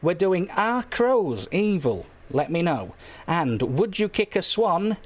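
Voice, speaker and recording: A man hosting a comic late-night phone-in stream, rambling in a silly, deadpan way, his voice a little hoarse. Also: high voice, takes it slowly, slight background noise. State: slightly hoarse. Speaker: phone-in show host.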